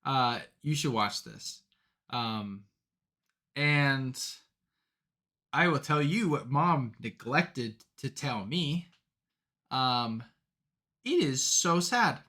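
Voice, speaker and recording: Bright-voiced young man rambling casually. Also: medium pitch, very slow, pauses often. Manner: rambling, filler-heavy, animated storytelling. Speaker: podcast co-host. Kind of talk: casual chat.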